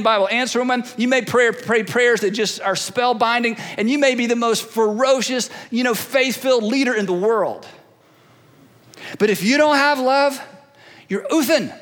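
A male pastor giving an animated, conversational sermon that swings between loud bursts and hushed asides. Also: very high-pitched, long reverb tail.

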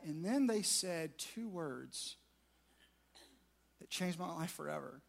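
A man's voice: a little high, lively intonation, takes it slowly, gravelly, pauses often. A man, preaching a sermon to a large room through a self-mocking personal story. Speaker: pastor.

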